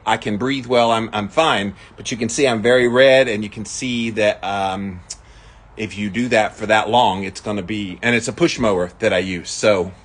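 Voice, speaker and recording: Breathless husky man chatting outdoors. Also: fairly low pitch, fairly even intonation, moderate pace. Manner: upbeat, talks straight to viewers. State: a little out of breath. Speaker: vlogger. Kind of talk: casual live-stream chat. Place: backyard outdoors.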